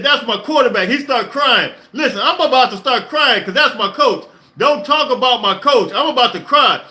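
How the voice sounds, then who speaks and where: An excited man hosting a sports reaction stream, talking emphatically, repeating himself and laughing often. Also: very high voice. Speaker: podcast host. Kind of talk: live-stream sports reaction, reading chat.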